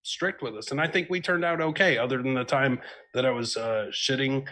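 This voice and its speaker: A male comedian guesting on a podcast, telling animated stories in casual chat and swearing along the way. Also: mid-range voice, brisk, poor audio. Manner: animated storyteller, swears, laughs often.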